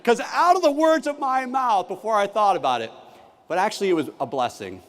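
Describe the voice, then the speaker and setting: Keynote speaker, man, high and very lively voice, acts out every line of dialogue, big hall with long reverb. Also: fairly quick. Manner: animated, acts out classroom dialogue. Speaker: keynote speaker, former teacher. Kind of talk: conference keynote storytelling. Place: large conference hall.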